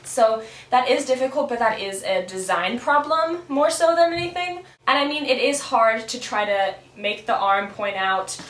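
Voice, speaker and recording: A woman's voice: fairly high pitch, expressive, moderate pace, fairly bright tone. Young woman student, casual chatty explainer, filler-heavy, roomy camera-mic sound. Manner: chatty, many fillers, thinking aloud. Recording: roomy echoing room.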